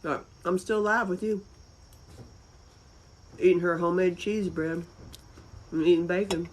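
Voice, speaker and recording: A woman's voice: lowish voice, steady tone, a little slow, noisy background. A woman from North Carolina with a Southern accent, chatting casually and rambling on a livestream. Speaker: livestream host.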